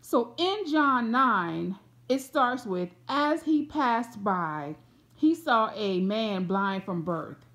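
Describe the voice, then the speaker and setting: Lively Atlanta woman preaching to camera. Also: on the high side, takes it slowly. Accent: Southern US, Atlanta. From Atlanta, USA. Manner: animated, repeats phrases, acts out voices of people in the story. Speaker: preacher giving a prophetic word.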